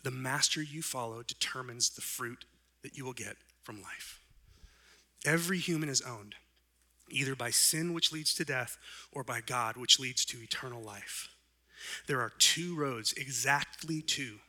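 A man preaching a sermon in an earnest way, letting his voice rise and then drop soft, and slowing down for emphasis. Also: medium pitch. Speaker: pastor.

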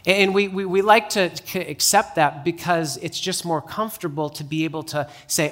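A man's voice: fairly high pitch, steady tone, moderate pace, hardly any pauses, a bit bright. A male pastor preaching a sermon in a conversational way, often repeating words as he restarts. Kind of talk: sermon with personal anecdote.

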